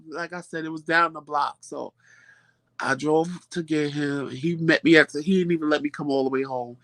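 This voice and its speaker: A woman hosting a vlog, telling viewers a story in a casual, animated way and often repeating phrases for emphasis. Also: deep voice, normal speed, dry recording. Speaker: vlog host.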